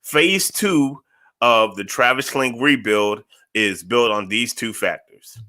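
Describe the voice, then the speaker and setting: A man hosting his own podcast in a casual, energetic monologue, often repeating phrases for emphasis. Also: mid-range voice, slow. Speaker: podcast host.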